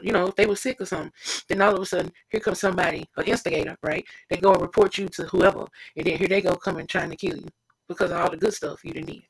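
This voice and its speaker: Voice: mid-range voice, creaky, breathy edge, poor audio. A preacher giving an informal devotional sermon, fervent and repetitive, speaking straight to the listener.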